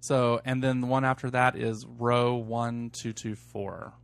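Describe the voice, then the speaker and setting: A man co-hosting a casual podcast at a middling pitch. His voice has a gravelly fry. He jokes freely while reading listener mail and lining up segments. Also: little pitch movement, measured pace. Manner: joking, reads listener emails, runs the show order. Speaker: podcast co-host.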